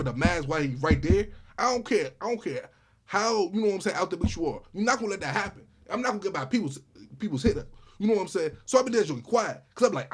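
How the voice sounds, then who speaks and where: A man telling a true story in a casual storytime vlog, animated, with lots of repeated starts like "I said, I said". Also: sits high, slightly rough. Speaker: storyteller vlogger.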